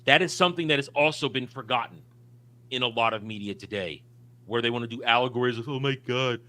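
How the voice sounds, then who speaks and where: A man's voice: medium pitch, quick pace, bright, forceful tone. A man co-hosting a casual film discussion, talking emphatically and opinionatedly with frequent restarts. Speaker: podcast co-host.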